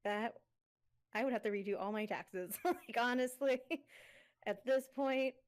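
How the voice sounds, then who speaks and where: A woman's voice: a little high, a little slow. A young woman co-hosting a casual chat who laughs and giggles often. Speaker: podcast co-host.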